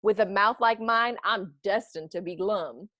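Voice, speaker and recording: Woman doing a pouty male fish, glum storybook voice, sing-song rhyming, raised pitch, dry sound. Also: measured pace, sharp tone, dry recording.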